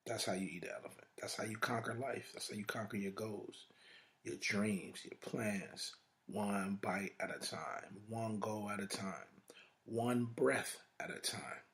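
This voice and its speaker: Male podcast host, lowish voice, preacher-style motivational talk, stacks repetitive lists and rhetorical questions. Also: a little slow, a bit bright.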